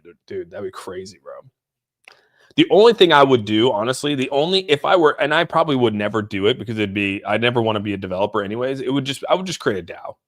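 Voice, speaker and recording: A young man hosting a casual crypto livestream. He rambles, laughs often, reads viewer comments aloud and thinks out loud while watching price charts. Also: lowish voice.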